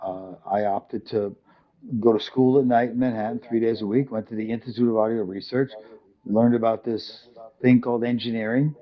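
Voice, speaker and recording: In muffled, lo-fi audio, an older man from New York City with a local accent recounts his story in a casual interview, rambling, using plenty of fillers, and acting out quoted people. His mid-range voice moves at a moderate pace with fairly even intonation.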